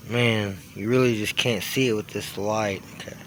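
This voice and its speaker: A man's voice: on the low side, normal speed, slight background noise. Rambling, laid-back young man. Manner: relaxed, loose, many "like" and "uh" fillers and restarts. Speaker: car build vlogger. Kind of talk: casual rambling talk to camera.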